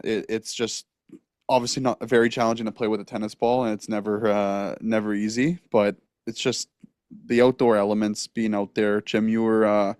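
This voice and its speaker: A man's voice: lowish voice, level tone, normal speed, darkish tone, clean tone, no room sound, clean studio sound. A man co-hosting a casual sports podcast, rambling and laughing, swearing now and then. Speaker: podcast co-host.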